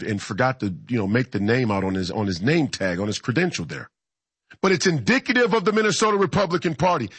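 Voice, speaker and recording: A man's voice: medium pitch, fairly bright tone, breathy edge, no echo. A man delivering a heated storytelling monologue as a political commentator, fiery and repetitive, stumbling over restarts. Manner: fiery, repeats phrases, frequent restarts and stammers.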